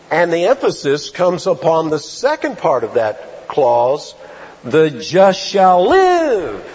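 Husky-voiced preacher with a lively delivery. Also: male voice, fairly high pitch. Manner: emphatic preaching with rhetorical questions and slow stressed phrases. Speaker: pastor. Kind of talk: sermon. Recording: dull lo-fi sound.

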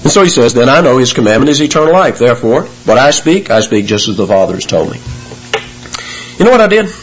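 A man preaching a sermon, explaining scripture verse by verse and rising in pitch and force on key words. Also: sing-song, fast, highs cut off, soft background music. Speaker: pastor.

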